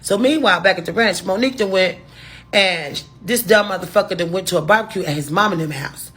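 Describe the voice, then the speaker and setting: Woman, storytime vlog, husky, bright edgy tone, swears a lot, rambling. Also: mid-range voice, a little fast. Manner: profane, rambling, restarts and asides. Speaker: storytime vlogger. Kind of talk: casual storytime monologue.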